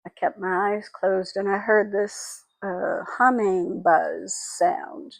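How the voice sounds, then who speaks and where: A woman in her sixties telling personal memories in a halting, reflective, tearful way. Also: mid-range voice, fairly even intonation, gravelly, no room sound, low-quality recording. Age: 60s. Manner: halting and reflective, with frequent pauses and fillers; tearful and emotional. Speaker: spiritual vlogger. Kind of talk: personal memoir monologue.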